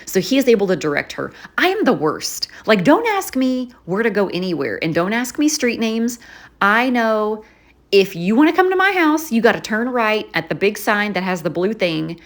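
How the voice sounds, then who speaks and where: A woman's voice: mid-range voice, very animated, moderate pace. A woman vlogger telling a rambling story in a casual chat, full of fillers and asides. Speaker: journaling vlogger.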